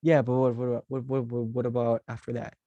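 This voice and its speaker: A man co-hosting a casual movie podcast, excitable and playful, quick to joke. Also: medium pitch, no echo, dull audio. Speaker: podcast co-host.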